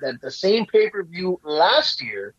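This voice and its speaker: A man's voice: high voice, big pitch swings, unhurried, fairly bright tone, slightly rough, dry recording, highs cut off. A man co-hosting a casual wrestling predictions podcast, talking in rambling bursts with many restarts. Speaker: podcast co-host.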